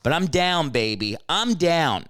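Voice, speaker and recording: A man in his late thirties hosting a solo podcast from his home couch, talking in a brash, profane, excitable comedic rant, a little out of breath from a walk. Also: a little high, a little slow, no echo, studio quality. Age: 30s. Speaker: podcast host.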